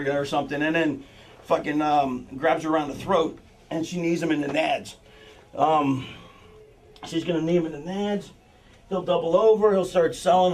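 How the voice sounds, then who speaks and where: A rambling, profane man pitched a bit high, talking the crew through a wrestling match backstage, his words tangled in fillers and restarts. He is picked up from across the room, not close to the mic. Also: steady tone, moderate pace, a little mellow, far from the mic, low-quality recording. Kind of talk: backstage planning talk.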